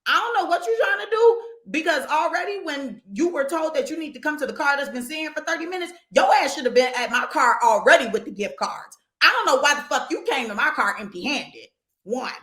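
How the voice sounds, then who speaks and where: Lively high-voiced woman, echoey room. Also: fairly quick. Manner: animated, profane, acts out quoted people. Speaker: podcast co-host. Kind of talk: casual chat, storytelling.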